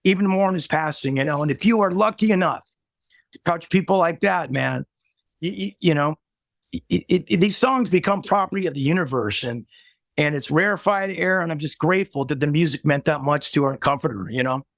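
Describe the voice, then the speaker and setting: High-voiced man, earnest and halting. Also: vocal fry, a bit bright, no room sound. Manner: earnest, halting with many restarts. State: choked up, near tears. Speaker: musician guest. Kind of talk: emotional interview storytelling.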